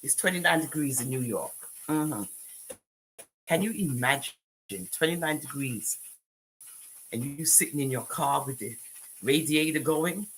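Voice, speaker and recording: A woman's voice: sits low, a little slow, long pauses, slight background noise, low-quality recording. A woman with a Jamaican accent doing a live-stream commentary, scolding people and talking back to her chat with patois phrases mixed in.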